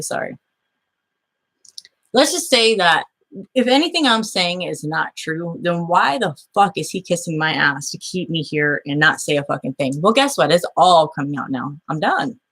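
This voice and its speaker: Woman, show host, reading messages aloud, profane, aggrieved, lowish voice. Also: a bit bright. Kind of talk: casual recounting of a dispute.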